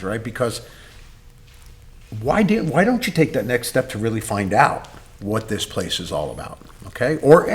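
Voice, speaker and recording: A man, a gym owner and coach, telling a long story in a podcast interview, acting out quoted dialogue with many pauses on "uh.". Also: on the low side.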